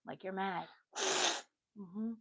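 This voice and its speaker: A woman's voice: medium pitch, fairly even intonation, takes it slowly, vocal fry, husky, no room sound, highs cut off. A woman giving a casual tarot reading on a livestream, chatty and easily sidetracked, with motherly asides. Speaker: tarot reader.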